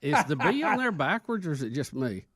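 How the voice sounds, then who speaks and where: Lively teasing male co-host. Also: a little high, a little fast, no room sound, studio quality. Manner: teasing, questioning. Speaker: radio co-host. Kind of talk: talk radio banter.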